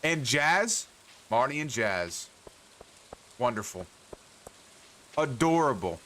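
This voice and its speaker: A man's voice: mid-range voice, big pitch swings, takes it slowly, pushed and bright, slight background noise. A man streaming a farming game, grumbling and swearing at the characters as he plays. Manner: profane, exasperated grumbling to himself. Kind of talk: casual gameplay commentary.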